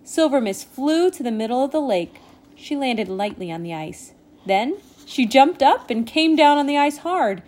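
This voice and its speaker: Gentle woman reading a storybook. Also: on the high side, normal speed. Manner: gentle, expressive. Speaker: storybook reader. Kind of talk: reading a children's storybook aloud.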